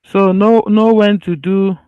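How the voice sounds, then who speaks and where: This medical lecturer's voice sits high and smooth, with fairly even intonation and a slightly slow pace, in dry, dull-sounding audio. Talking through slides, he speaks loosely and conversationally, restarting and repeating key points so they stay with listeners.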